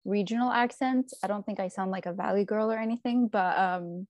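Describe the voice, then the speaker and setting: A woman's voice: medium pitch, fairly quick, darkish tone, no echo. American woman, California, friendly, curious, casual chat, dry close sound. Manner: friendly, curious, many fillers. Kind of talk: casual chat on a video call.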